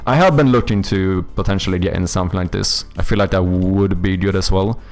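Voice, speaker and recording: A man's voice: deep voice, fairly quick. A young man with a Swedish accent, a game developer chatting casually with viewers on a livestream, rambling and swearing freely. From Sweden. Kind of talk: casual livestream chat reading viewer comments.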